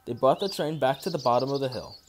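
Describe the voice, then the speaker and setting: A man narrating a classic children's storybook in an expressive, animated read-aloud manner. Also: mid-range voice, fast talker, noisy background. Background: soft background music and birdsong.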